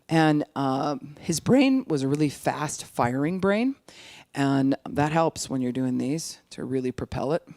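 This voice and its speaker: An older speaker at an addiction recovery outreach gives an informal teaching talk, animated and sometimes slowing right down to make a point. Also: medium pitch, no echo. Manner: animated, acts out quoted voices, sometimes slows speech right down to demonstrate.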